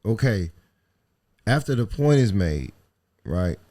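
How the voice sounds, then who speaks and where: A man's voice: on the low side, very animated, slow, dark tone. Slangy joking man cohost. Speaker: podcast cohost. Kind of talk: casual chat.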